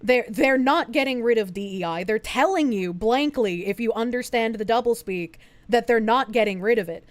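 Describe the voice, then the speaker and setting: A woman's voice: a little high, normal speed, hardly any pauses. A young woman streaming, talking politics in a casual, argumentative and emphatic way. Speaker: streamer host.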